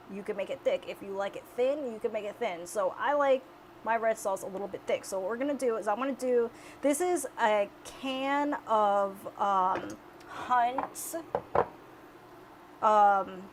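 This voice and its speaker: A woman's voice: fairly high pitch, a little hiss or hum, poor audio. Chatty woman demonstrating a home recipe. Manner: chatty, explains each step as she goes. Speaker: home cook. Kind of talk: casual cooking demonstration. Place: home kitchen.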